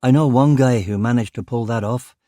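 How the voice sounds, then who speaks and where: A man voicing a weary detective inspector in his late thirties, in his own mellow voice. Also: mid-range voice, fairly quick, no room sound, studio quality, natural voice. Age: 30s.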